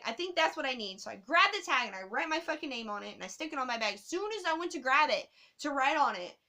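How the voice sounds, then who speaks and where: A woman telling a travel story to her camera in a casual, animated way, swearing often. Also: high voice.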